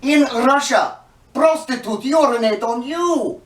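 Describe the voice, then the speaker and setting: A man's voice: very high voice, slow pace, roomy sound, distant mic. A man heard in archive clips of a public speech, making blunt, clipped statements.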